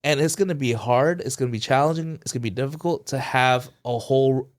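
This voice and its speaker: A podcast co-host with a mid-range voice speaks fairly quickly, retelling a story in an animated, casual way. He acts out the voices in quotes and leans heavily on fillers like "like."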